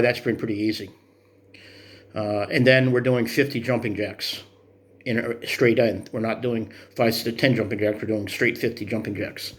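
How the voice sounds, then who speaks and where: A man in his fifties talking through his workout progress in a vlog, earnest and encouraging in a rambling way. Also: medium pitch. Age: 50s. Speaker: vlogger. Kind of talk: motivational fitness vlog.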